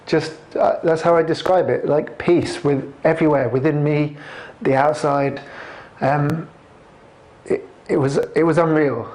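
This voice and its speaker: A man giving a personal testimony to a camera. He speaks in a halting, reflective way, with many restarts. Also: a little high, darkish tone. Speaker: convert sharing his testimony.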